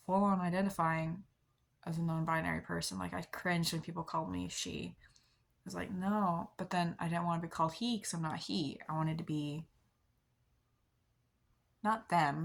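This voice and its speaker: A young woman chatting casually to her camera, rambling with many fillers and soft laughs at herself. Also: low-pitched, creaky. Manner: rambling, many likes and ums, soft self-deprecating laughs. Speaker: vlogger. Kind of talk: casual confessional chat to camera.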